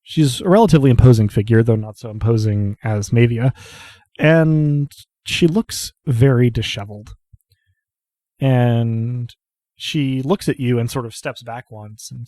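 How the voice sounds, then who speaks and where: A man narrating a tabletop game as game master, in a measured, descriptive way. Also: medium pitch, warm tone, no echo.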